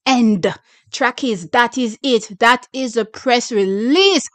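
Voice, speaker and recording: A woman's voice: fairly high pitch, animated, slow, dry recording. A young adult woman with a Jamaican accent hosts a track-and-field channel, hyping the news and reading a press release aloud with chatty asides. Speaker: sports channel host.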